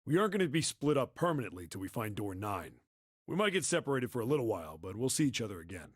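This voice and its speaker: A man's voice: medium pitch, big pitch swings, fast, slightly rough, no echo, clean studio sound. An actor voicing a blunt, offhand young man in a video game.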